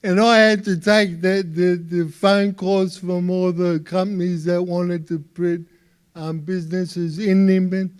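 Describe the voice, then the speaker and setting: A man with an Australian accent doing stand-up comedy for a live audience, with a halting delivery full of repeated words. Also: high voice, flat delivery, darkish tone, clean tone. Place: live stage before an audience.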